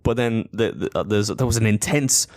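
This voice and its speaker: A man's voice: lowish voice, moderate pace, darkish tone, no room sound, clean studio sound. A man with a Yorkshire accent, co-hosting a podcast in casual chat, blunt and swearing freely. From England. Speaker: podcast co-host, competitive eater.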